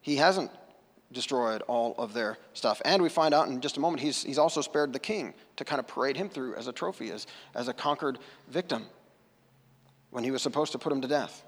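A man's voice: medium pitch, a little fast. A man from the United States preaching a sermon at church in a casual, conversational way, with self-deprecating asides. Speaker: pastor. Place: church sanctuary. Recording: long hall reverb.

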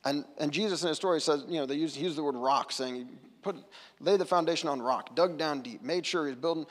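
A man's voice: fairly high pitch, a little fast. A man giving a sermon as pastor, earnest and conversational, often restarting his sentences. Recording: long church hall reverb.

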